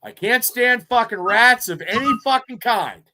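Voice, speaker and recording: Brief: fifties male podcast co-host, high, bright voice, swears constantly, rambles through animated stories. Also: measured pace. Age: 50s. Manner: profane, rambling, animated storytelling. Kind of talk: casual chat.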